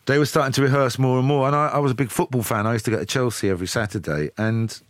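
A man's voice: mid-range voice, rapid-fire, dry recording, clean studio sound. A man, a singer telling anecdotes in an interview. He talks in a chatty way and laughs as he tells his stories. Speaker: guest, singer. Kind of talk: storytelling interview.

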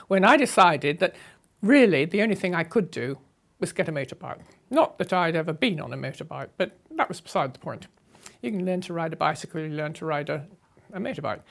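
An older woman tells her travel story, talking freely with restarts and dry humour. Her voice sits fairly low. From England. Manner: chatty, with restarts and wry humour. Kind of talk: unscripted storytelling.

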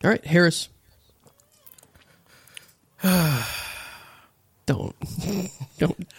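A man's voice: sits high, drawn-out words, creaky, breathy edge, dry recording. A man joking in casual chat, laughing often.

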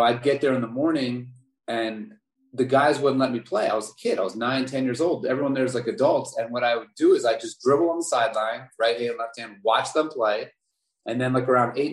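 A man in his forties from Baltimore, telling stories from his youth as a podcast guest, lively and prone to repeating words. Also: mid-range voice. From Baltimore, USA. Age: 40s. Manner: animated storyteller, repeats words. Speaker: podcast guest, former basketball player. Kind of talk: interview storytelling. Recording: roomy echo.

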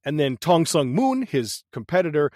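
A man with a slightly raised pitch tells a movie's story in loose, profane podcast chat. He is animated and laughs often, and the close, dry sound keeps his voice right up front. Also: moderate pace, no echo. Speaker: podcast co-host. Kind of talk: casual movie recap chat.

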